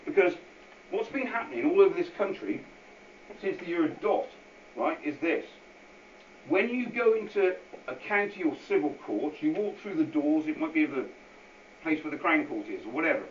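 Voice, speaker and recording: A man's voice: a little high, lively intonation, normal speed. A man giving an informal, unscripted talk to a public meeting as a guest speaker. He rambles, repeats himself and adds many asides. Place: meeting hall with an audience. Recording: echoey, distant, dull hall recording with faint hiss.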